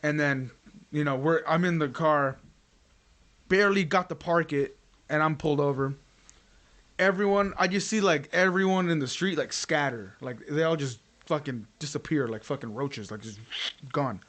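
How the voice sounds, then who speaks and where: A man's voice: on the high side, normal speed, a bit bright. A man hosting a podcast, telling a story in casual chat, full of swearing and fillers like "like" and "um.". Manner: profane, rambling with frequent fillers. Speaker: podcast host.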